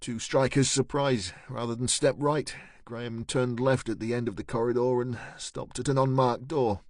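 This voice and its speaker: A man narrating a crime audiobook in a steady, measured way. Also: medium pitch, no room sound, studio quality. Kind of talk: scripted narration.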